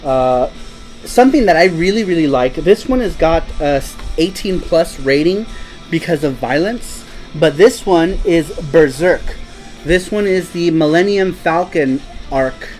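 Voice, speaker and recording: A man's voice: a little high, expressive, measured pace, darkish tone, faint music behind, rough recording. A man hosting a casual live stream, chatting in a rambling, laid-back way and laughing easily. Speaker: host.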